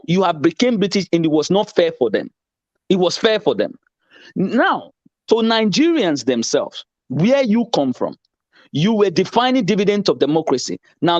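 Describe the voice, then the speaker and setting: Heated debater, man, high and animated voice, dry dull lo-fi recording. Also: no echo. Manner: insistent, lecturing, repeats himself. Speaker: debater in a political argument. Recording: dull lo-fi sound.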